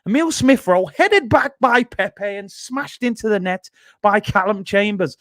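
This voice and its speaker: Comic bit: a man doing a high, sing-song Scouse TV pundit, exaggerated drawl, dry close sound. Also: lively intonation, unhurried, fairly bright tone, no room sound. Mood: mock-serious. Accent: Scouse (put on). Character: Liverpool-accented male football pundit impression.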